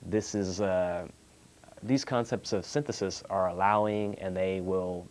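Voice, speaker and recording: A man's voice: deep voice, fairly even intonation, unhurried, a little mellow, slight background noise. A man with a Texan accent hosting a call-in show, talking about spirituality in a meandering way with many fillers and restarts. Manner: clears throat often. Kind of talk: unscripted spiritual talk.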